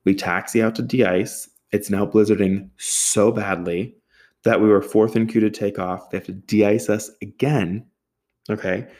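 Young man, deep voice, casual sarcastic storyteller who swears freely. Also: fairly even intonation, a little slow, darkish tone. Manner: profane, sarcastic, exasperated.

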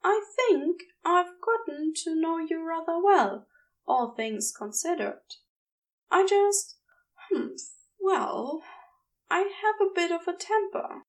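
A woman's voice: very high voice, lively intonation, takes it slowly, recorded from a distance, voice pushed up, exaggerated voice, poor audio. A woman reading a podfic, voicing a prim, bookish man who speaks hesitantly and fussily. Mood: flustered. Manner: hesitant, fussy, proper. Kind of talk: audiobook reading.

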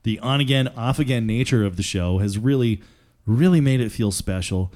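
A man's voice: mid-range voice, normal speed, darkish tone. A man hosting a podcast in casual chat, joking and rambling with fillers. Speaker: podcast host.

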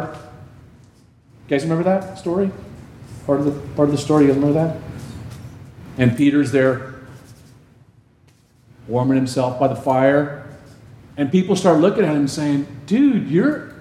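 Recorded in an echoey space with faint ambience and slight background noise, this man preaches as a pastor. His medium-pitched, darkish voice stays conversational as he keeps asking the congregation questions.

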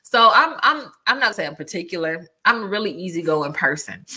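Bright husky woman telling a story. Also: fairly low pitch, moderate pace. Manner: animated, emphatic storyteller. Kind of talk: casual storytelling chat.

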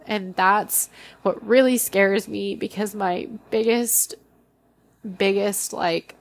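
A young woman hosts her own podcast and talks openly about her life in an emotional, halting way, often starting a sentence over. Her voice sits in a middle register, and a gravelly fry runs through it. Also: mid-range voice, steady tone. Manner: candid, emotional, halting with restarts. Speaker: podcast host. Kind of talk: personal solo podcast.

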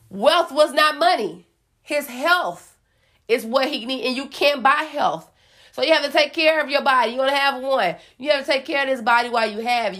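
Woman vlogger, slightly high pitch, sassy preachy pep talk with dramatic pauses. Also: a bit bright. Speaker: motivational vlogger. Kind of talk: casual motivational talk to viewers.

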